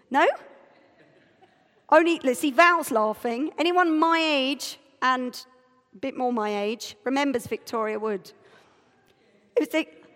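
A middle-aged woman preaching a sermon, telling a story with lively, self-mocking acted-out dialogue. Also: high-pitched, moderate pace. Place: church. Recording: church hall reverb.

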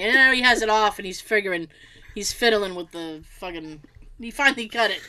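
A woman telling family stories in a casual chat, animated, swearing freely and laughing often. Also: medium pitch, brisk, smooth.

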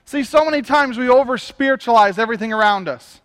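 A man's voice: very high voice, fast, fairly bright tone, big-room sound. A man preaching a sermon as pastor, emphatic and often repeating his phrases.

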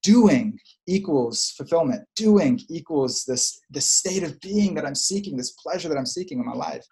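A man's voice: on the high side, animated, normal speed, a little mellow. A man who is a spiritual coach, giving an earnest, reflective talk and searching for words, often repeating phrases.

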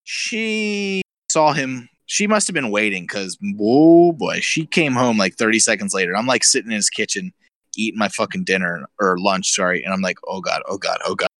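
A man's voice: fairly low pitch, lively intonation, normal speed, fairly bright tone, dry recording. A man co-hosting a podcast, telling crude, swear-laden stories in casual chat and laughing often. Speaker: podcast co-host.

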